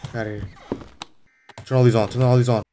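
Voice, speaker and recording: A young man playing a horror game on his channel, jumpy, swinging between nervous muttering and sudden shouts. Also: medium pitch, level tone, fast, slight background noise. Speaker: gaming YouTuber. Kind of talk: horror game let's play commentary.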